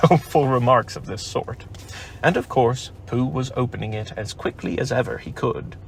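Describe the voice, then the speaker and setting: A man narrating a children's storybook aloud at home in an unhurried, expressive manner. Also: mid-range voice, creaky, a little hiss or hum. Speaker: audiobook narrator. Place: home, family baking nearby. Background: faint household sounds of cookie making.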